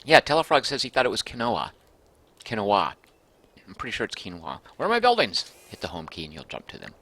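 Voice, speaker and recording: A man's voice: medium pitch, huge pitch swings, rapid-fire, sharp tone, slightly rough. A man casually commenting as he streams a game, thinking aloud and reading out viewer comments.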